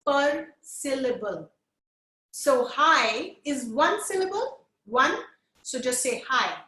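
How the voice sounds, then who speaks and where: A woman teaching puppet lip sync in a live webinar, energetic and coaxing, counting along with her viewers over a video call. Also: high voice, slow, reverberant.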